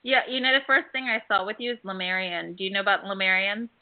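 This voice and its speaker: A woman's voice: medium pitch, steady tone, fast. Chatty woman host on a phone line. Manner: chatty, earnest storytelling with fillers. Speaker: host and past-life healer. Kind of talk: call-in radio show talk.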